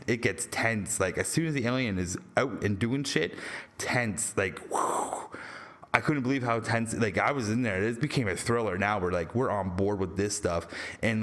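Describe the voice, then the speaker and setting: A young Canadian man talking casually through a movie review with spoilers, rambling and excitable, swearing freely and laughing often. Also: medium pitch.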